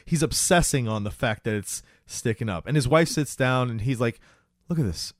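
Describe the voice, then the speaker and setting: A man's voice: mid-range voice, moderate pace, dry recording, clean studio sound. A man co-hosting a casual chat, animatedly recapping a TV episode and acting out lines. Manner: animated, acts out quotes in funny voices. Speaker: podcast co-host.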